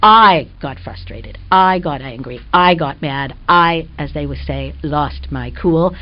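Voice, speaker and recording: A woman's voice: deep voice, slow. An older woman, a radio guest, telling an earnest, reflective personal story in a spiritual conversation. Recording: dull lo-fi radio sound.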